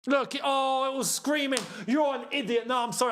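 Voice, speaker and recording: A young man hosting a live football watchalong, chatting to his viewers and reacting loudly to missed chances. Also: very high-pitched, brisk, hardly any pauses. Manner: excitable, shouts at missed chances, banters with chat. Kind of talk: live match watchalong commentary.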